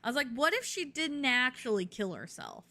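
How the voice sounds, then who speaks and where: Chatty woman game streamer, bright and lively, thinking aloud. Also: sits high, normal speed, gravelly, a little hiss or hum. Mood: playful. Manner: chatty, playful, speculating aloud. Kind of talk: let's-play commentary.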